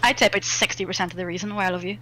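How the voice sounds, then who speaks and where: A woman's voice: on the low side, fairly even intonation, racing, sharp tone, low-quality recording. A woman with a West Belfast accent teasing friends in a casual chat while they game. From West Belfast, Northern Ireland. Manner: teasing, playful.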